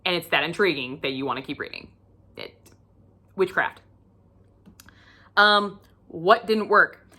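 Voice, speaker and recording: A woman's voice: lowish voice, lively intonation, a little slow, long pauses, sharp tone. A woman giving a casual book review vlog, emphatic and profane, acting out her own reactions.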